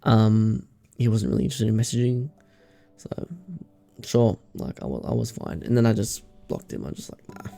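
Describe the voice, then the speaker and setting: Gravelly young Australian guy vlogging. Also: fairly low pitch, animated, moderate pace, mellow, soft background music. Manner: chatty, slangy and sweary. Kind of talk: casual rambling chat.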